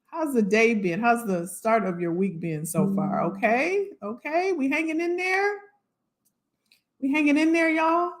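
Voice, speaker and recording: A woman's voice: high-pitched, measured pace. A woman hosting a casual livestream, upbeat and chatty, greeting viewers by name and talking straight to the commenters. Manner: talks to unseen commenters. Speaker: livestream host, career coach.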